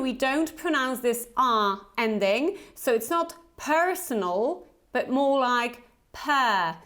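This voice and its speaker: A woman with a light Polish accent teaching English pronunciation, slowly modelling each word twice for the learner to repeat. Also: high-pitched, a bit bright. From Poland. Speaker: Business English pronunciation trainer. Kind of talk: pronunciation lesson with repeat-after-me drills.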